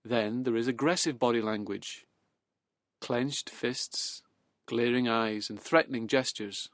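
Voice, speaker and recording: A man in calm, measured self-help talk that leads into hypnosis, slowing and softening as he goes. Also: mid-range voice, no echo.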